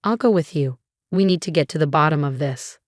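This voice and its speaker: A protective young husband with a cold, firm way of speaking, as a woman narrator puts him on. The voice is low and the sound dry. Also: a little fast, no room sound, lightly acted. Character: young husband, protective, angry at his mother.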